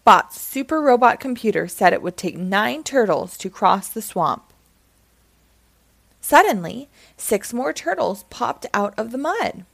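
Slow, expressive woman storyteller. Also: fairly high pitch, vocal fry, no room sound. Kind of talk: reading a children's book aloud.

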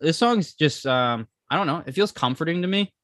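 A man's voice: a little high, lively intonation, fairly quick, a bit bright, no room sound, clean studio sound. A young man co-hosting a podcast in casual chat, rambling with lots of filler and swearing. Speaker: podcast co-host.

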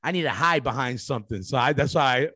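A man's voice: medium pitch, expressive, quick pace, sharp tone, husky, no room sound, clean studio sound. A middle-aged man, a podcast host chatting casually, swearing freely and reacting with enthusiasm. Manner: profane, enthusiastic interviewer. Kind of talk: casual chat.

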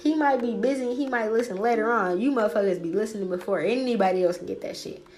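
A woman's voice: mid-range voice, fast talker, a little mellow, soft background music. A woman hosting a spiritual podcast alone, ranting in a brash, profane, trash-talking way. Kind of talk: casual solo podcast rant.

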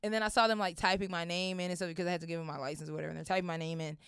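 A woman comedian telling a story as a guest in a recording studio, animated and swearing freely. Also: fairly low pitch, rapid-fire, clean tone, no echo. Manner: animated, acts out voices in quotes, swears freely. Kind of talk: comic storytelling in an interview.

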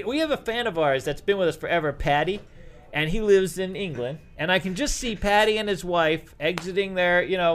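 A middle-aged man with a Boston accent hosting a casual podcast chat, rambling and joking as he restarts his sentences. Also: fairly high pitch. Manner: rambling, jokey, self-interrupting. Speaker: podcast host.

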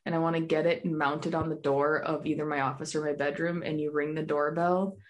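A woman's voice: sits low, level tone, a little fast. A young adult woman co-hosting a podcast, chatting casually with blunt jokes and frequent giggles. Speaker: podcast co-host. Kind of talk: casual chat.

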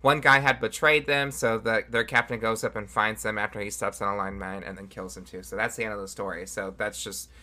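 A man's voice: lowish voice, steady tone, fairly quick, hardly any pauses, pushed and bright. A man co-hosting a podcast in casual chat, recapping bluntly and matter-of-factly. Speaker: podcast co-host.

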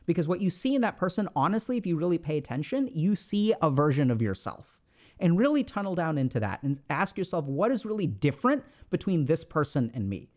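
A man hosting a podcast, giving casual, animated advice and acting out quoted lines in everyday slang. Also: fairly high pitch, fairly quick.

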